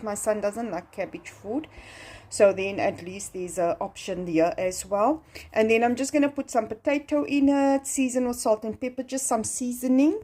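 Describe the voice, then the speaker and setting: A woman's voice: on the high side, darkish tone. A woman with a South African accent talking casually to her vlog audience at home, emphatic and repeating phrases for effect. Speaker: vlogger. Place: home kitchen.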